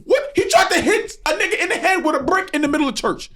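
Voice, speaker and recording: A man's voice: very high-pitched, sing-song, fast talker, fairly bright tone. A young man with a New York accent, telling stories animatedly in street slang on a casual podcast. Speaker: podcast host.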